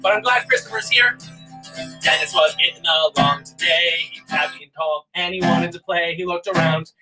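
A man's voice: fairly high pitch, normal speed, over loud music. A man co-hosting an arts therapy livestream, chatting in a goofy, rambling, self-mocking way between improvised songs. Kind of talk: playful casual livestream chat with improvised songs.

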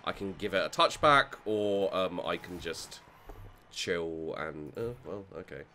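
A man's voice: low voice, a little slow, bright, forceful tone, a little hiss or hum. A man talking through his own game as he plays, thinking aloud and swearing freely. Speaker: gaming channel host. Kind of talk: let's play commentary.

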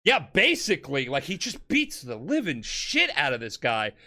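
A man's voice: fairly high pitch, moderate pace. Drunk man telling a story animatedly. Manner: animated, profane, bursts into shouted character voices. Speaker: podcast host. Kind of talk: tipsy casual storytelling.

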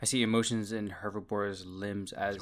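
A man's voice: on the low side, flat delivery, moderate pace, loud music behind the voice. A young man hosting an anime reaction video, talking in a casual, slangy way and often bursting into laughter.

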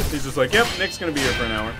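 A man commentating a live game stream, swearing often and raging at his losses, then laughing it off. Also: medium pitch.

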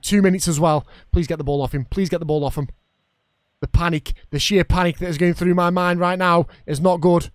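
A man's voice: on the high side, normal speed, dry recording. A young man commentating his own football video game match, getting worked up at referees and chatting to his viewers. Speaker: gaming YouTuber.

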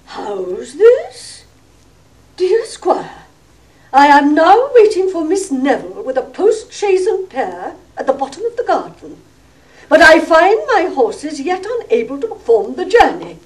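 A woman's voice: high-pitched, sing-song, a little slow, distant mic. An actress playing a domineering middle-aged country mother who rants with scorn and sarcasm, in a 1960s stage play recording. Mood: mocking.

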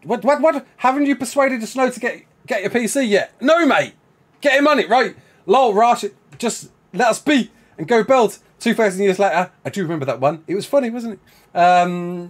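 A young man from the West Midlands of England, with a Brummie accent and a high voice, is live-streaming a survival game. He reads out chat questions rapidly and excitably, laughing often.

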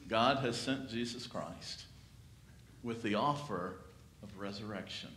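Slow, dramatic preaching man, echoey church. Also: high voice. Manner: slow, dramatic preaching with swells and hushed drops. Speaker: pastor. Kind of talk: sermon. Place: church sanctuary.

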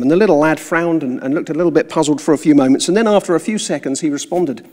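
A man preaching a sermon, telling a story in a measured, earnest way before moving into the sermon itself. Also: a little high, warm tone. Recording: reverberant hall sound.

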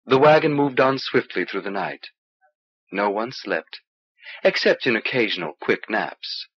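A man narrating an audiobook in a steady, even way, on an old cassette recording. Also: medium pitch, a little slow, slightly rough, muffled recording. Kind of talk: scripted narration.

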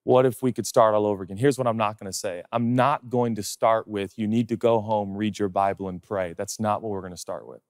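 A male pastor preaching a sermon, animated and conversational, firing off rhetorical questions and chatty asides. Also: lowish voice, fairly quick, hardly any pauses, no echo, studio quality, long reverb tail.

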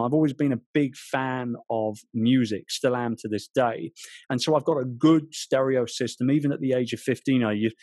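A British man in his forties chats as an author guest, telling lively stories and restarting his sentences as he goes. His voice sits in a middle pitch. The sound is dry and close, with little room around it. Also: no room sound. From England. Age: 40s. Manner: animated storyteller, frequent restarts. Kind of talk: storytelling interview chat.

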